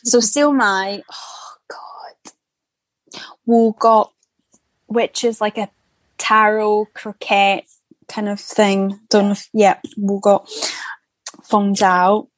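A young Scottish woman talks in a relaxed, chatty way as a guest, swearing freely and laughing often. Her voice sits at an ordinary pitch for a woman. The recording is dry and close, with no room sound. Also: slow, long pauses, dry recording. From Scotland. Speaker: actor guest. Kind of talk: casual chat.

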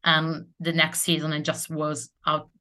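Young Italian woman, low register, casual storyteller, second-language English. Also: completely flat delivery, unhurried, pushed and bright. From Italy. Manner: chatty storytelling, laughs often, acts out quotes. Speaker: rugby player guest. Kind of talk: casual interview chat.

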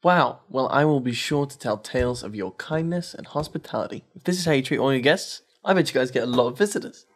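A man's voice: medium pitch, lively intonation, fast, few pauses. A man playing a tabletop role-playing game, speaking in character with a showy, ostentatious manner. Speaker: player.

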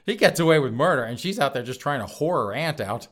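A man's voice: medium pitch, expressive, quick pace, fairly bright tone. Crude, sarcastic male news commentator. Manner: crude, sarcastic, laughing at his own jokes. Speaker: podcast host.

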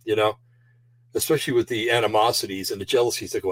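A man's voice: medium pitch, quick pace, dry recording, rough recording. A man hosting a show in a casual, rambling monologue, full of fillers and restarts, and slightly out of breath. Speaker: show host.

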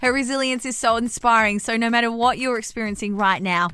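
A woman hosts a podcast, her voice a touch high and her manner effusive and encouraging. She interviews her guest over a remote online recording. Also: fairly even intonation, fairly quick, bright, forceful tone, smooth. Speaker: podcast host.

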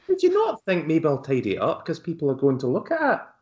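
A man's voice: on the high side, huge pitch swings, normal speed, a little mellow, highs cut off. Man doing a chirpy Scottish TV presenter lady. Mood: scolding. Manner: gushing, chatty, scolding like a TV presenter. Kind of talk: comic impression.

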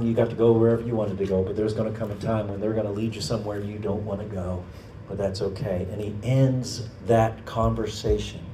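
A male pastor preaching a sermon as a story, rising to loud emphatic peaks and then dropping to a low hush. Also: distant mic, a little hiss or hum. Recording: echoey room, voice off-mic.

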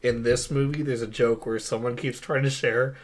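A man's voice: medium pitch, steady tone, moderate pace. Young male podcast co-host, eager and rambling, casual movie talk, laughs a lot. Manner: enthusiastic, rambling, laughs often. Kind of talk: casual movie review chat.

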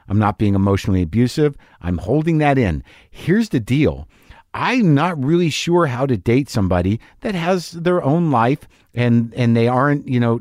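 A man's voice: mid-range voice, a little mellow, dry recording, studio quality. Rambling, self-deprecating male podcast host. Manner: stammers and restarts when worked up. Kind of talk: solo podcast monologue.

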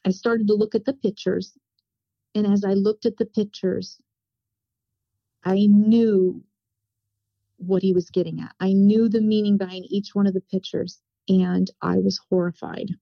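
A woman's voice: medium pitch, steady tone, measured pace, gravelly, dry recording. A woman earnestly recounting a personal spiritual experience, repeating herself as she tells it. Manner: earnest, repetitive retelling. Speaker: testimony speaker. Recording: dull, dry, lo-fi sound.

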